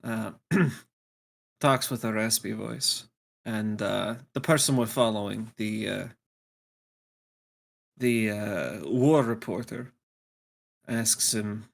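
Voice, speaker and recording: A man narrating his character in a tabletop game. He speaks slowly, haltingly, with many hesitations. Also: lowish voice, vocal fry. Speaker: player.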